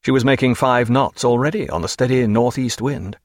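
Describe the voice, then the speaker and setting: A man narrates a seafaring novel in a measured, steady reading voice. His pitch sits in a middle range. The recording is dry and close. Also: no room sound. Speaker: audiobook narrator. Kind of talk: scripted narration.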